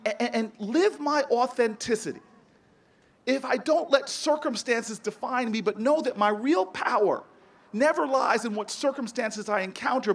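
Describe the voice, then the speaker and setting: A man's voice: very high-pitched, a bit bright. A man giving a commencement speech, telling stories with emphasis and sometimes stumbling over repeated words. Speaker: commencement speaker.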